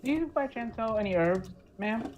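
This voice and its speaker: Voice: mid-range voice, animated, moderate pace, darkish tone, slight background noise, pitched above the performer's own voice, natural voice, poor audio. A player voicing a polite, out-of-town male adventurer asking for herbs in a tabletop game. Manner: polite, formal address. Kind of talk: tabletop role-play in character.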